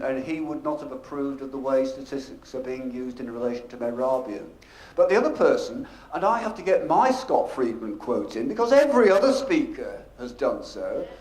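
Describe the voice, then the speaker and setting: A man's voice: mid-range voice, darkish tone. Man presenting in an echoey hall. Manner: measured, emphatic delivery, varies volume and pace. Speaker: professional speaker presenting at a convention. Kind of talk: conference presentation. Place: convention function room. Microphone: handheld or stage microphone. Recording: echoey conference room.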